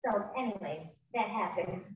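A woman's voice: mid-range voice, normal speed, slight background noise. A middle-aged woman giving a chatty, emphatic motivational testimony to a live audience, with spoken affirmations. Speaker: speaker sharing her story. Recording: far-off echoey room, dull sound.

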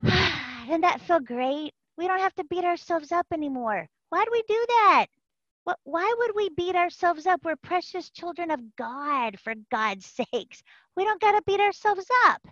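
A woman giving an animated, folksy personal testimony to a support group over an online call, repeating phrases for emphasis. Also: extremely high pitch, a little slow, dry recording. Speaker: member sharing at a support group. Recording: dull lo-fi call audio.

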